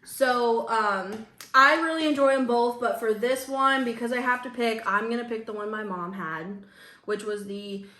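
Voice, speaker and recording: A fairly high-voiced young woman hosts a casual taste test, talking easily and reading bottle labels out loud. The room is echoey. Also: normal speed. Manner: chatty, reads wine labels aloud. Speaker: vlogger host. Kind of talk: casual chat.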